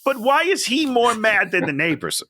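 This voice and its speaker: A man's voice: sits high, normal speed, no room sound, studio quality. A man co-hosting a casual movie podcast, ranting animatedly and laughing often. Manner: animated, rants and laughs a lot. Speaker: podcast co-host. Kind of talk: casual chat.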